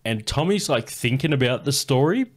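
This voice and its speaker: A man's voice: medium pitch, animated, normal speed. An Australian man in his thirties hosting a podcast, telling a story in a casual, sweary, laughing way. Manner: laid-back, sweary, laughing often. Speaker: podcast host.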